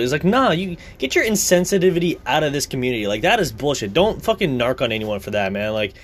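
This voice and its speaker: A man's voice: on the high side, very animated, fast talker, few pauses, fairly bright tone. A young man talking casually, blunt and profane, in a heated rant.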